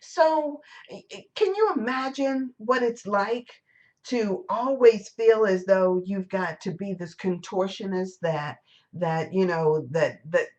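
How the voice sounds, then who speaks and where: A woman giving a relaxed, conversational sermon to her congregation. She rambles and circles back on herself, stacking fillers and restarts as she goes. The talk is captured live during a church service. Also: mid-range voice, slow pace. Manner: rambling, chatty storytelling with many fillers and restarts. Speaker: church speaker.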